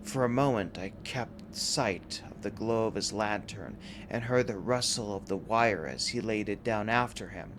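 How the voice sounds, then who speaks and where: A man reading a horror story aloud as a narrator, in a slow, measured, grave delivery. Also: fairly low pitch, noisy background. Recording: faint background music under the voice.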